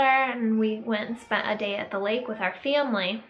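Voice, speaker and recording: A young woman telling a personal story to camera in a casual vlog, halting and reflective, with many fillers and pauses. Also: on the high side, lo-fi sound. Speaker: vlogger.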